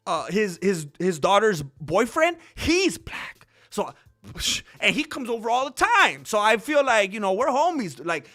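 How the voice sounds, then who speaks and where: A man's voice: sits high, big pitch swings, measured pace, pushed and bright. A young man hosting a casual commentary channel, talking off the cuff in a rambling way with lots of restarts and fillers.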